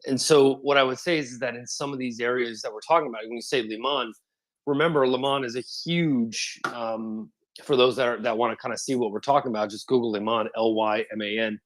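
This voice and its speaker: A man in a casual online audio chat, explaining things quickly and often checking in with "right?". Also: medium pitch, steady tone. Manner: talks fast, keeps checking in with "right?". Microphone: phone on spotty Wi-Fi and mobile data.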